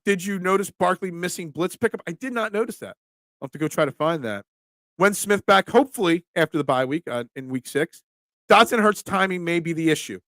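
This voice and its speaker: A man's voice: high-pitched, no echo, clean studio sound. A man hosting a casual sports talk live stream, reading viewer comments aloud and answering them with emphatic opinions. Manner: animated, emphatic, reads chat aloud.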